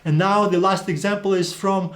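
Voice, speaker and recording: A man's voice: high-pitched, steady tone, normal speed, a bit bright. A man whose first language is Slavic, teaching a video lesson and explaining things patiently. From Eastern Europe. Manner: explanatory, demonstrates accents. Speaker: Greek teacher.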